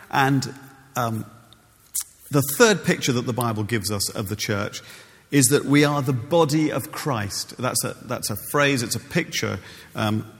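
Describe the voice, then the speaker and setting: A man's voice: medium pitch, a bit bright, long reverb tail. A man preaching a sermon in a church, conversational with many ums and restarts.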